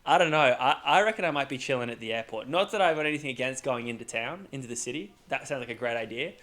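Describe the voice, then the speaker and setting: A man's voice: medium pitch, fast talker, fairly bright tone. A man, co-hosting a podcast in casual chat with teasing remarks. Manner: joking, teasing reactions. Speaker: podcast co-host.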